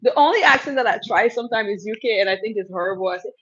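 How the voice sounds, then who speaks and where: Racing along in an animated, husky, medium-pitched voice, a Cameroonian woman hosts a relaxed live Q&A, chatting with viewers, reading their comments, and laughing often. The audio is lo-fi.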